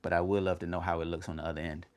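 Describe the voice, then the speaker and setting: Energetic slangy man on a livestream. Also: sits low, rapid-fire. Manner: energetic and slangy, calls viewers fam; motivational, talks in short punchy bursts. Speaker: motivational YouTuber hosting a livestream. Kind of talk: casual livestream chat.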